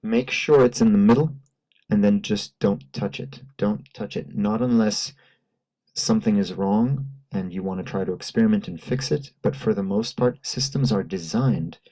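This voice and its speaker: A man with a lowish, mellow voice teaches a hands-on workshop. He explains patiently and demonstrates sounds aloud, all heard through a microphone and PA speakers. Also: moderate pace, rough recording. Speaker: workshop instructor. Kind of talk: live demonstration lesson. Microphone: handheld mic through a PA system.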